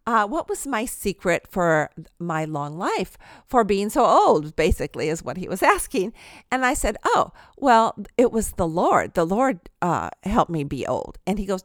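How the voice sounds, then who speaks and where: A woman in her sixties hosting a podcast, telling a story in an animated way and laughing often. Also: mid-range voice, moderate pace, dry recording, studio quality. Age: 60s. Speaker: podcast host.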